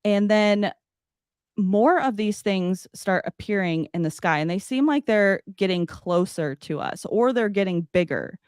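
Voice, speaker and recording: A woman telling a personal story as a podcast guest, animated and loose, with many "like" fillers. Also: medium pitch, unhurried, clear, resonant tone, no echo, studio quality. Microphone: podcast studio mic.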